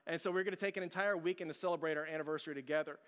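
A man's voice: fairly high pitch, fairly even intonation, racing, fairly bright tone. A middle-aged man preaching a chatty, self-deprecating sermon, telling a story and asking the audience questions. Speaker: pastor. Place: church sanctuary. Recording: long hall reverb.

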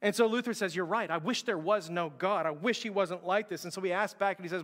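A pastor preaches passionately in a church sanctuary, telling a story and acting out the quoted lines in a quick, high-sitting, somewhat bright voice. A long hall reverb hangs on the recording.

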